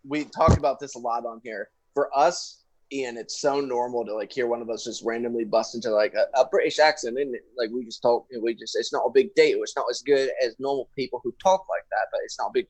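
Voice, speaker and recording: A man co-hosts a podcast in loose, teasing banter, cracking jokes. His voice is mid-pitched and unremarkable. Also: brisk, few pauses. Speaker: podcast co-host. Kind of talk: casual podcast chat.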